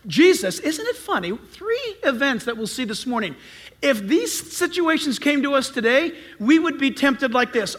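A man's voice: very high voice, expressive, moderate pace, pushed and bright. A man preaching as pastor in a sermon, emphatic and repeating lines for stress.

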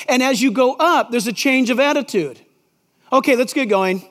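A man's voice: very high voice, normal speed, fairly bright tone. A middle-aged male pastor preaching a sermon in a conversational, emphatic way, reading Scripture aloud in a large sanctuary. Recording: long reverb in a large church.

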